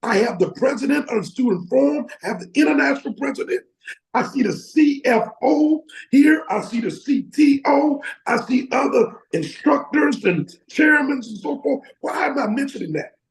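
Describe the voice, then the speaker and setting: Fervent motivational preacher, man, high gravelly voice, video call. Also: expressive, moderate pace, low-quality recording. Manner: fervent, exclaims and laughs often. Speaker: academy leader addressing members.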